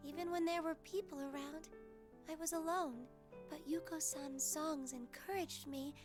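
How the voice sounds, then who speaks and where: A timid young idol girl. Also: extremely high pitch. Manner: meek, self-doubting.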